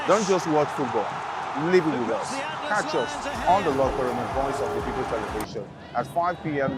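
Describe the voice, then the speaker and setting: Man, football show host, upbeat promo read, city street noise behind. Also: medium pitch.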